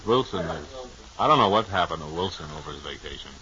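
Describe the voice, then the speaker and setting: Bright-voiced radio comedy host. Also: male voice, sits low, animated, quick pace. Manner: dry, mock-pompous. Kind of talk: bantering comedy radio chat. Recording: dull lo-fi 1940s radio recording.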